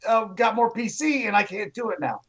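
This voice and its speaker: A man's voice: high-pitched, expressive, fairly quick, fairly bright tone, muffled recording. A man joking in a self-deprecating way as a guest in casual podcast chat.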